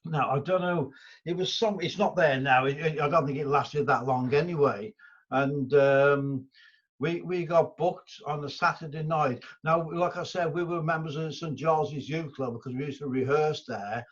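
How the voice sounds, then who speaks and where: A man's voice: a little high, steady tone, normal speed, slightly rough. An older man from England, telling stories in an interview, rambling with many restarts and fillers. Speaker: guest musician. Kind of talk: casual interview storytelling. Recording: dull lo-fi audio.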